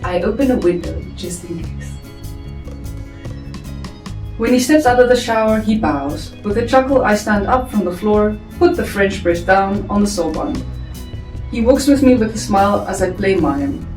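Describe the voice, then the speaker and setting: A woman reading her own story draft aloud to a family member, chatty and quick to laugh. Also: medium pitch. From South Africa. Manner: lively, laughing, chatty asides. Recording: echoey room, far from mic, faint music.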